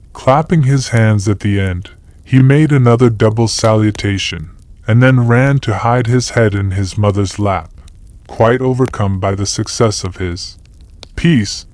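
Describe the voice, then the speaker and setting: A man narrating a classic novel as an audiobook in a measured storytelling manner. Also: fairly low pitch, a little mellow, no echo.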